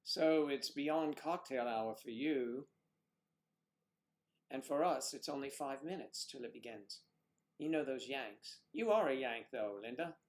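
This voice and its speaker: A man's voice: mid-range voice, measured pace. A middle-aged man from the United States hosting a casual livestream, teasing viewers by name with bawdy jokes. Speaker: livestream co-host. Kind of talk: casual livestream chat reading comments.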